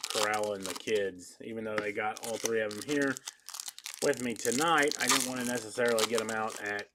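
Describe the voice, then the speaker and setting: A man hosting a live card break, chatting casually and rattling off a list of names in a brisk, matter-of-fact way. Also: lowish voice. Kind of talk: casual live-stream chat. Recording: background noise with wrapper crinkling.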